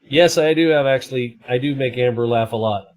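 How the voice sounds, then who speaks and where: A man hosting a casual live stream at his desk, with a middle-pitched voice. He rambles from one thing to the next and cracks self-deprecating jokes. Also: brisk, a little mellow, low-quality recording.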